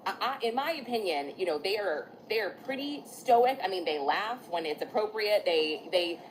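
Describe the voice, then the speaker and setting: A woman's voice: medium pitch, lively intonation, moderate pace, a little hiss or hum, rough recording. A woman giving a casual spoken recap outdoors in the sun, chatty and full of fillers and restarts, apologizing for her slips. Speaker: vlogger recapping court testimony.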